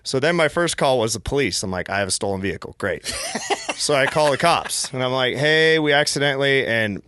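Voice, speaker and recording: A man's voice: mid-range voice, lively intonation, a little fast, sharp tone, clean tone, no room sound. A man from Montana, a musician guest on a podcast, telling a long story in a casual way and acting out the voices of the people in it.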